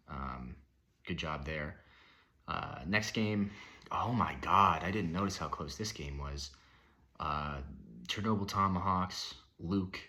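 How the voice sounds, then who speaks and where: A young man with a deep voice and a hard, forceful edge talks off the cuff. His commentary is rambling and profane, heavy with fillers as he rants about his league. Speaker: fantasy football league member reviewing the week. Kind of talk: casual unscripted commentary.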